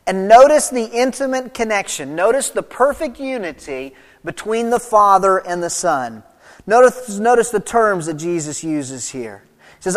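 High-voiced male preacher in a reverberant hall. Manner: reads scripture aloud, then expounds with emphatic swings of pitch and volume. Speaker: pastor. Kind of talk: sermon.

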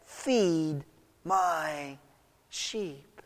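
A man acting out a gentle, probing male teacher who speaks low and hushed. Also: lively intonation, a little slow, big-room sound. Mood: quiet.

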